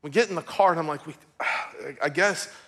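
A man in his thirties, a pastor preaching a sermon and telling a personal story with strong emotion, swinging from loud to hushed. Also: on the high side, normal speed.

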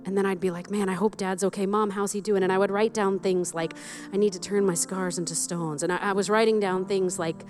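A woman's voice: medium pitch, steady tone, a little fast, a little mellow, faint music behind. A woman pastor preaching a sermon, candid and self-deprecating, often laughing at herself.

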